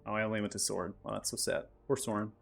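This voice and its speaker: A man acting as game master, calmly narrating the action and explaining rules step by step. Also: lowish voice, racing, gravelly, soft background music. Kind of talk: narrating and ruling a tabletop game.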